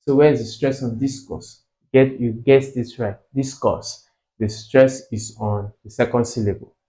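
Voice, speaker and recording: A man with a Nigerian English accent tutoring exam English, slowly repeating words to drill their pronunciation. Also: medium pitch, fairly even intonation, mellow, poor audio. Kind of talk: tutorial explanation.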